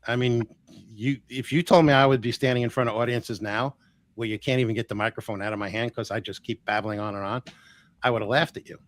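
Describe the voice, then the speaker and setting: A man in his sixties, a healer guest telling stories in a casual, animated way, chuckling often and acting out what people said. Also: medium pitch, quick pace. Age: 60s. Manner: animated, chuckles often, acts out quoted dialogue. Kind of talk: casual storytelling.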